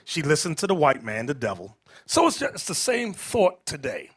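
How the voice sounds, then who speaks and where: A man preaching to a group, emphatic, quizzing his listeners and rising into shouts. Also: fairly high pitch, wildly swooping pitch, normal speed, husky. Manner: emphatic, rising to shouts, asks the crowd questions. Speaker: street preacher.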